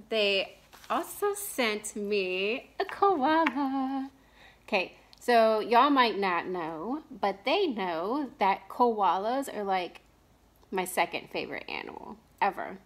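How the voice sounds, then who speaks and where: Chatty woman in her thirties. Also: mid-range voice. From Texas. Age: 30s. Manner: chatty, rambling, with many fillers and restarts. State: clearing her throat from allergies. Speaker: cross-stitch vlogger. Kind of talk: casual chat.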